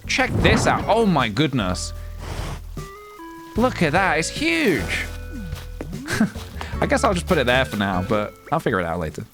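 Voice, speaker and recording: Unhurried and fairly high-pitched, this man's voice swings hugely in pitch as he chats casually with viewers during a game livestream. He meanders, leaves long pauses, laughs often and hums little tunes to himself while music plays in the background.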